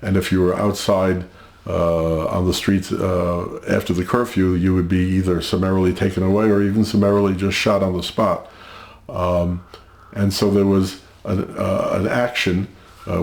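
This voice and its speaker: An older man recounting family history as an interview guest, speaking in a halting, measured way with many pauses and fillers. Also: deep voice, little pitch movement, vocal fry, darkish tone, echoey room.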